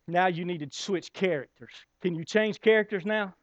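Male pastor, high voice, sermon delivery with dramatic pauses, dry muffled recording. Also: no echo. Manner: preaching with dramatic pauses and rhetorical questions.

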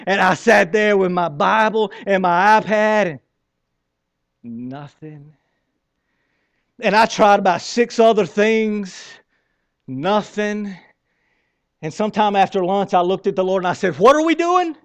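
Middle-aged pastor, high voice, chatty and animated sermon delivery. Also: male voice, a little slow, long pauses, smooth, no room sound. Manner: conversational and animated, repeats words, asks the crowd questions.

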